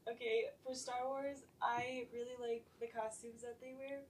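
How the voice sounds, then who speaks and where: A young woman with an Upper Midwest American accent in a casual chat, bubbly and laughing, with quick asides. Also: fairly high pitch, level tone, a little hiss or hum. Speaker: podcast co-host.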